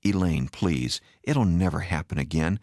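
A man's voice: low-pitched, expressive, measured pace, a little mellow, dry recording, studio quality, exaggerated voice. A man voicing an unfaithful husband who pleads emotionally for forgiveness. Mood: pleading. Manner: begging, emotional.

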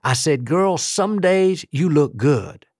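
A man's voice: on the high side, lively intonation, slow, darkish tone, dry recording, studio quality, pitched above the performer's own voice. A man voicing a cheerful young woman on church staff, bubbly and upbeat.

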